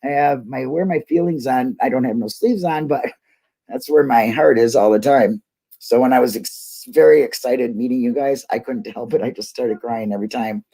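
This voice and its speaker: A woman's voice: extremely low pitch, moderate pace, mellow. A woman hosting a casual livestream, rambling and laughing as she talks to her viewers. She gets emotional easily. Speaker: YouTube livestream host.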